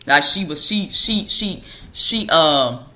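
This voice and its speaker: A woman's voice: low voice, animated, slow, sharp tone. A woman hosting a podcast, telling a personal story in a casual, conversational way. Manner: casual and conversational, with loose colloquial grammar.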